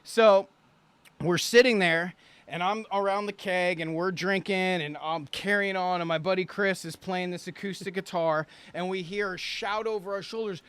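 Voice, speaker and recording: Young male storyteller, high and bright, profane, laughs through his anecdote. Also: normal speed, smooth, no room sound. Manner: swears freely, acts out quotes, laughs while telling. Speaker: guest storyteller, singer and producer. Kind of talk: animated anecdote telling.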